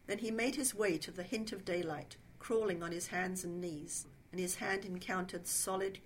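Woman reading a suspense story softly. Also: fairly low pitch, a little hiss or hum. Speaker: story reader.

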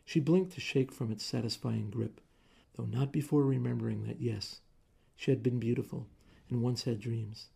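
A man reads a story aloud in measured, steady narration. His voice is gravelly and dark, with a husky edge. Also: medium pitch.

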